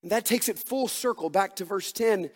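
A man's voice: high voice, moderate pace, big-room sound. A man preaching a sermon as pastor, earnest and emphatic, asking his listeners rhetorical questions.

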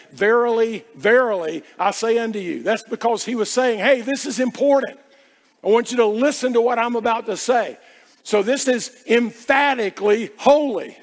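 A high-voiced man preaches slowly and deliberately, stumbling over and repeating his words as he goes. His voice carries a gravelly edge and rings out with the long reverb of a large church hall. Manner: frequent stammered repetitions of words. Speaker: pastor. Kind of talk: sermon.

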